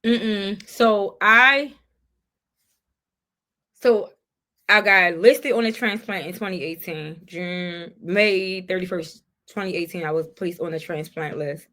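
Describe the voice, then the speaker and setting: Candid woman telling her story, lower voice. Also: slow, sharp tone. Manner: candid, heartfelt, reflective. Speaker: podcast guest. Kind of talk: personal storytelling in a conversation.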